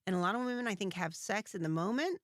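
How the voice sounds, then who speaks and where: A woman's voice: mid-range voice, animated, fast talker, no echo, clean studio sound. A woman co-hosting a podcast in casual chat, blunt and frank, swearing freely. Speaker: podcast co-host.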